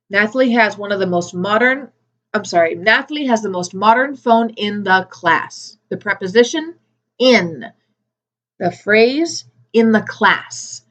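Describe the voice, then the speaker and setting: Woman teacher drilling grammar slowly. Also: mid-range voice, highs cut off. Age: adult with a daughter. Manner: slow, careful word-by-word modelling for learners. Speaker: ESL teacher. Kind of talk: recorded grammar lesson.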